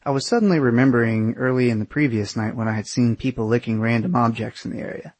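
Wry, husky storyteller. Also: male voice, medium pitch, fast, few pauses, darkish tone, dry recording. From United States. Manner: wry, sardonic. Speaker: memoir narrator. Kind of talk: first-person story narration.

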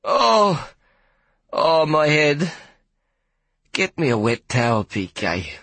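A man voicing a loud, coarse and bossy big woman who curses theatrically and orders people around, in an audiobook. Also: on the high side, very animated, slow, gravelly, dry recording, full character voice. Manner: foul-mouthed, imperious, theatrical complaining. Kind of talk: audiobook character voice.

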